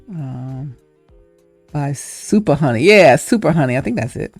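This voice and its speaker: A woman's voice: low-pitched, lively intonation, measured pace, long pauses, a little mellow, slightly rough, no echo, soft background music. A woman hosting her own video, chatting casually and thinking aloud, laughing often. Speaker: host. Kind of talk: casual chat.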